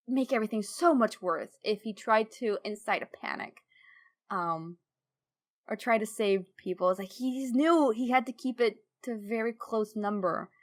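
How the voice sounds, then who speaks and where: A higher-pitched woman co-hosting a casual fan podcast. She talks in an animated, emphatic way and gets louder and brighter in tone when excited. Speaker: podcast co-host. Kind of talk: casual fan lore discussion.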